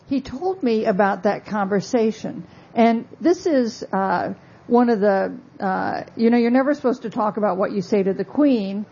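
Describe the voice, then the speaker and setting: A woman author giving a talk about her book, telling stories in a measured, wry way with asides. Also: mid-range voice, breathy edge, lo-fi sound. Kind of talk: lecture-style talk.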